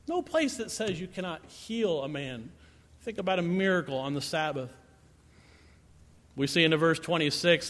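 A man's voice: a little high, expressive, normal speed, a bit bright. A man giving a sermon, reading scripture verses and commenting on them in a conversational way. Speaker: pastor. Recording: reverberant hall.

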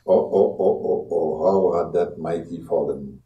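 A man preaching a sermon as pastor, dramatic, acting out quoted voices and swinging from hushed to loud. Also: low voice, unhurried. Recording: echoey room from far off.

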